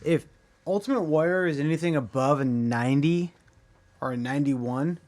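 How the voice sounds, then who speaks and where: A man co-hosting a wrestling podcast in crude casual banter, excitable and stuttering on repeated words. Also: fairly high pitch, moderate pace. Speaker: podcast co-host.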